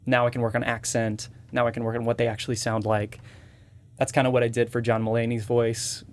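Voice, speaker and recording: A man's voice: mid-range voice, flat delivery, fairly quick. Man, slightly nasal, impressionist guest, explanatory, casual interview. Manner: explains techniques step by step.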